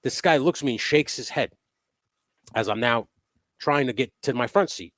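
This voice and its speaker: A man hosting a casual live chat from his workshop, telling profane, animated stories. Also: mid-range voice, moderate pace, dry recording. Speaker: host. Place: home workshop.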